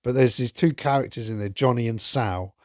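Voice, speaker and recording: A man talks through a film on his podcast in a loose, enthusiastic ramble and drops the odd swear word. His voice sits at an ordinary male pitch. The recording is dry and close, with no room echo. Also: fairly quick. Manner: enthusiastic, chatty, swears casually. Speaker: podcast host. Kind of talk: casual film review monologue.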